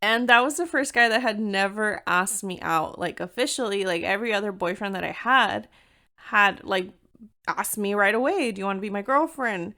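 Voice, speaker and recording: A woman's voice: mid-range voice, normal speed, sharp tone. A young adult woman hosting a podcast. She tells a personal story in a candid, chatty way, swearing freely and slipping in Spanish phrases. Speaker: podcast host. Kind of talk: casual storytelling monologue.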